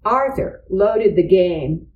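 A woman slowly reading a children's storybook aloud. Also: mid-range voice, animated, roomy sound, narrow, tinny audio. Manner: slow, deliberate. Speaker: reader.

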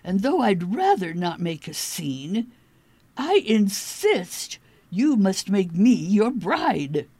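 Picture a bossy kangaroo lady who will not take no for an answer, her voice pitched up high and swinging through a lively, emphatic range. She scolds in a soft, breathy voice, with every line pressed home, as a woman puts her on for a storybook. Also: takes it slowly, exaggerated voice. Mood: scolding. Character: bossy insistent female kangaroo.

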